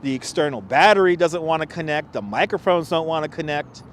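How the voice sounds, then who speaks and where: Walking a cold city park at sunset, the same sort of chatty host and tour guide speaks briskly with lively intonation in a voice pitched a bit high for a man. He keeps the livestream loose, laughing and reading viewer comments, while distant street traffic hums on his wireless clip-on mic.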